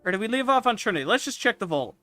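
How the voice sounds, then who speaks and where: A man streaming casual commentary with a high, bright voice that swings widely in pitch. He is excitable and swears freely, breaking into loud outbursts. Faint music plays behind his dry, close sound. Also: rapid-fire.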